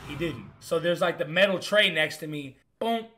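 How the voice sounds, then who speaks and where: A young man, a comedian, telling a story in a casual, animated and profane way, with punchy lines. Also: on the high side. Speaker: comedian host.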